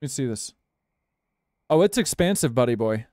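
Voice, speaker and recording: A man's voice: medium pitch, animated, normal speed, darkish tone, dry recording, studio quality. A young man live-streaming a game, chatting casually with viewers and swearing in exasperation. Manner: profane, exasperated banter with chat. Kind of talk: casual gameplay commentary.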